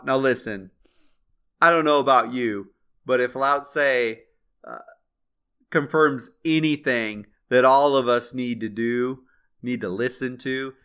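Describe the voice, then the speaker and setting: Male podcast host, bright tone, earnest and chatty, reads a passage and then reflects on it. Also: medium pitch, clear, resonant tone. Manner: earnest, conversational, with fillers and restarts.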